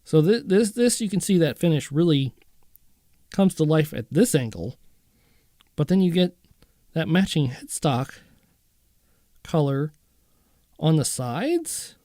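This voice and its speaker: A man's voice: fairly high pitch, sing-song, slow pace, pauses often, dark tone, no echo, studio quality. A man hosting a casual guitar video, chatting and rambling to himself as he browses guitar listings. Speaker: guitar channel host.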